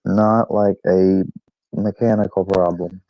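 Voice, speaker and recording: A man's voice: low-pitched, fairly even intonation, takes it slowly, no echo. A man hosting his own channel, telling a rambling, profane, self-deprecating story in casual chat. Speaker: channel host. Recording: dull lo-fi recording.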